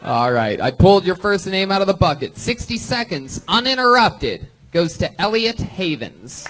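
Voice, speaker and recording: A man hosting a live comedy show on stage with hyped-up energy. His voice sits a bit high, with faint music behind him. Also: normal speed, hardly any pauses, poor audio. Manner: energetic, hype announcer. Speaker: host.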